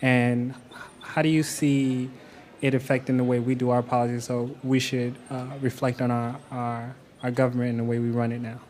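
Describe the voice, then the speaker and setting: Brief: audience man, mid-pitched voice, earnest measured question. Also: little pitch movement, a little mellow, a little hiss or hum. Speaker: audience member asking a question. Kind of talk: questions at a public Q&A.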